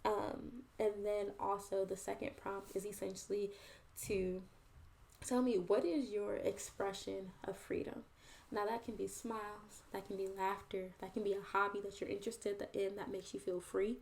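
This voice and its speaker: A woman's voice: medium pitch, little pitch movement, moderate pace, gravelly, darkish tone. A woman hosting her own video channel, talking earnestly and reflectively straight to her viewers in a casual, chatty way. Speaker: host and poet. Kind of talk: casual vlog monologue to viewers.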